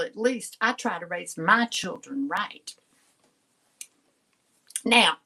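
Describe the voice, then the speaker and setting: A woman's voice: medium pitch, pushed and bright, rough recording. An older woman, telling a family story in casual chat, often laughing and cutting herself off. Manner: chatty, laughs often, self-interrupting. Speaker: channel host.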